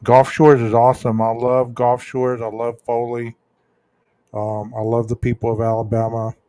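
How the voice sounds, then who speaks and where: A man hosting a true crime livestream, chatting casually with viewers in a slow, rambling way full of ums and restarts. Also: mid-range voice, completely flat delivery, warm tone, dry recording. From Texas. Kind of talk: casual livestream chat reading viewer comments.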